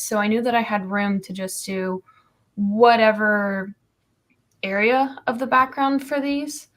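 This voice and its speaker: A woman's voice: medium pitch, fairly even intonation, measured pace. A woman comic artist talking casually on a livestream, explaining her process with many ums and you-knows.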